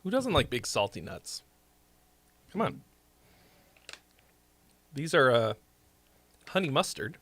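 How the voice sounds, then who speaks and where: Male streamer host, casual and jokey with frequent swearing; bright, animated voice, dry close sound. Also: mid-range voice, takes it slowly, pauses often, slightly rough. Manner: swears freely, rambling and jokey. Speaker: streamer and song critic. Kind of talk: casual live-stream chat.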